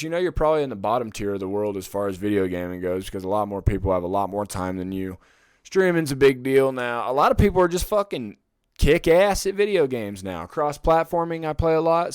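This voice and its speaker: A young man hosting a podcast alone, rambling in casual chat, swearing often and getting loud and heated when he rants. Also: medium pitch, no echo, clean studio sound. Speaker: podcast host.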